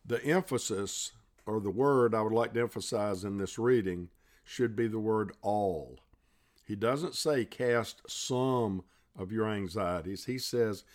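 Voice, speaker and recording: Low voiced guy reading scripture real slow, calm measured sermon. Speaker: pastor.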